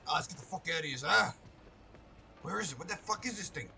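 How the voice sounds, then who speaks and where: A man narrating his own gameplay in a gravelly, fairly high voice that swings wildly from mutters to shouts. He swears freely and slips into mock tough-guy mobster slang. Game music plays clearly behind him. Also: fast, long pauses, slight background noise. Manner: excitable, swearing, bursts into shouts. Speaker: let's play host. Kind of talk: live gameplay commentary.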